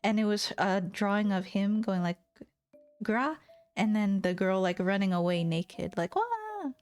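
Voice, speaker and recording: A woman's voice: mid-range voice, flat delivery, normal speed, a little mellow, clear, resonant tone, faint music behind. A young woman VTuber chatting casually on stream, rambling, swearing and giggling in exasperation.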